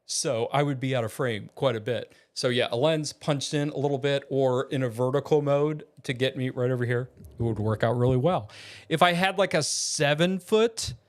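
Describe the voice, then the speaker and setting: A man from Virginia chats in a relaxed vlog from his home studio. He rambles, restarts his sentences and fills pauses with ums at a mid pitch. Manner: chatty, rambling with many fillers and restarts. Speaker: vlogger. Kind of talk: casual vlog.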